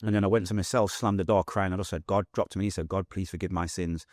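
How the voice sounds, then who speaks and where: A man's voice: deep voice, steady tone, fast talker, darkish tone, dry recording, studio quality. A man with a Manchester accent telling his life story as an interview guest, emotional and blunt with street slang. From England.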